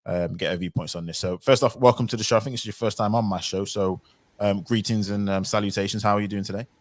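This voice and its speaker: Deep-voiced, fast-talking male host. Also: no room sound, clean studio sound. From United Kingdom. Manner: relaxed, filler-heavy, agreeable. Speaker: livestream host. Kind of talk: casual panel discussion.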